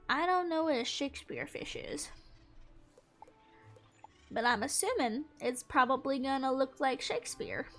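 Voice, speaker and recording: Young woman, high-pitched voice, mock-annoyed gaming chatter, faint music behind. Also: fairly bright tone. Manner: playful, mock-exasperated, talks to the fish. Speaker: gaming streamer. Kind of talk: casual gameplay commentary.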